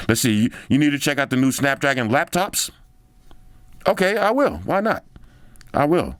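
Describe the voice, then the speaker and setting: A man's voice: medium pitch, sing-song, normal speed, no room sound. A man hosting a tech video, chatting casually while he scrolls a phone, slangy and loose, thinking aloud as he goes. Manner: slangy and chatty, drops in "yo" and "bro".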